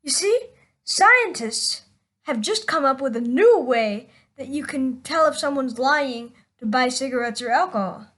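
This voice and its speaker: A woman's voice: sits high, lively intonation, unhurried, fairly bright tone, poor audio. A woman hosting her own show, telling a string of jokes and laughing at her own punchlines. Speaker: show host.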